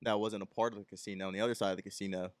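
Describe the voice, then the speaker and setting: A man's voice: lowish voice, level tone, very fast, no echo, clean studio sound. A young man from Texas hosting a podcast, telling a rambling story and acting out the people in it. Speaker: podcast host. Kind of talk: casual solo podcast storytelling.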